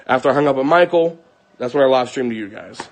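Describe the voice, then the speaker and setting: A man's voice: mid-range voice, animated, fast talker. A young man angrily telling his viewers about a fight at home, swearing and acting out what everyone said. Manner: heated, profane, acts out quoted lines. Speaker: vlogger. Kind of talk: angry personal account to viewers.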